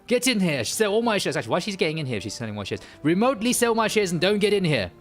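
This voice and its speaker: A man doing a bossy rich tycoon, high and loud. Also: very animated, very fast, faint music behind. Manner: commanding, urgent. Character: bossy rich male tycoon barking orders at an assistant.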